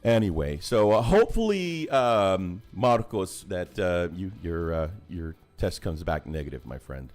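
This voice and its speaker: Lively low-voiced man hosting a livestream. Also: measured pace, hardly any pauses, faint music behind. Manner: rambling and chatty, animated swings in pitch. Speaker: host of a hobby livestream. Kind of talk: casual livestream chat. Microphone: video call.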